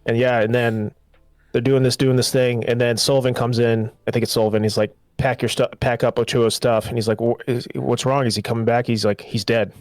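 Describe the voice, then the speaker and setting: A man's voice: medium pitch, level tone, a little fast, a little mellow, no room sound. A man co-hosting a podcast, loosely retelling a TV series in casual chat and slipping into quoted lines. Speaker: podcast host.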